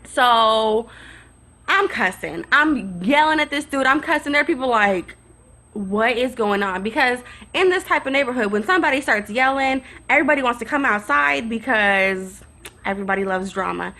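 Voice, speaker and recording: Young woman, storytime vlog, sassy and animated, bright voice. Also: a little high, normal speed. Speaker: vlogger.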